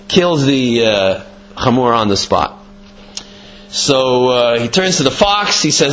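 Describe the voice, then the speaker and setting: Brief: man Torah teacher, conversational and lively, in a dull lo-fi recording. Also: mid-range voice, slow, pauses often, slight background noise. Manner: animated, conversational explaining. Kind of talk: Torah class with storytelling.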